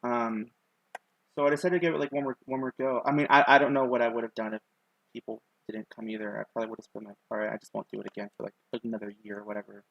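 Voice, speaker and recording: A man's voice: mid-range voice, level tone, racing, gravelly, dry recording, muffled recording. A young man with a lisp, chatting casually and rambling self-consciously on a live stream, with many ums and likes. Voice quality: lisp on his S sounds.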